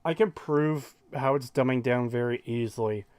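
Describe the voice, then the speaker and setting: A man's voice: medium pitch, moderate pace, darkish tone, clear, resonant tone, no echo. Profane, heated male stream host. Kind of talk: reaction stream rant.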